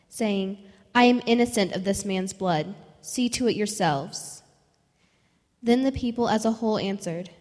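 A woman reading scripture aloud in a church service with a measured, solemn delivery. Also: mid-range voice. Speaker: scripture reader. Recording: long church reverb.

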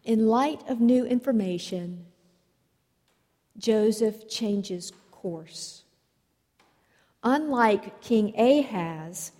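Slow-speaking woman preacher in a reverberant hall. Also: on the high side, animated, warm tone. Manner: slow, measured storytelling delivery. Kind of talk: sermon. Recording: long reverb of a large hall.

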